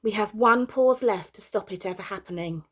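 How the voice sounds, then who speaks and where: A woman's voice: mid-range voice, moderate pace, a bit bright, husky. A woman voicing an earnest young girl leader. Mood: urgent. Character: determined young girl leading other children.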